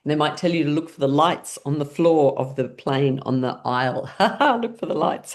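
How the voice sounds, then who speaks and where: A woman's voice: low voice, normal speed, darkish tone. A woman teaching an online laughter class, guiding playful pretend scenes and breaking into frequent bursts of laughter. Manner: playful, leading imaginary scenarios.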